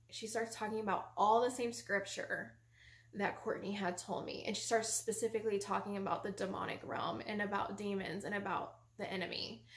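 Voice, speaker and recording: A woman giving a personal faith testimony as a ministry vlogger, in an animated storytelling manner full of casual fillers. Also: medium pitch. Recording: roomy echo.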